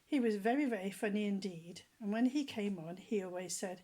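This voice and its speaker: A woman reading a children's story aloud with a gentle, animated storytelling manner. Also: medium pitch, moderate pace, few pauses.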